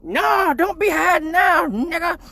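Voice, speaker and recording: A man voicing a small, fierce mother who scolds with shrill, mocking shouts. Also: a little slow, heavily acted. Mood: furious scolding.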